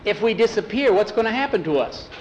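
A jittery young cowboy with an anxious, pleading way of talking, as a male storyteller puts him on. His voice sits a little high and strains upward when he frets. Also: sing-song, normal speed, a bit bright, dull audio, a little hiss or hum. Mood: worried.

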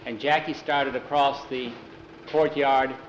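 A man's voice: medium pitch, steady tone, slow, roomy sound, a little hiss or hum, low-quality recording. A man telling a story aloud in a casual, conversational way, with many "he says" tags. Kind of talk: oral storytelling.

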